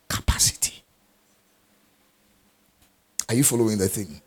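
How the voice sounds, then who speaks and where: A man's voice: medium pitch, lively intonation, moderate pace, long pauses. A man preaching a sermon, stressing key phrases by repeating them and asking his listeners questions.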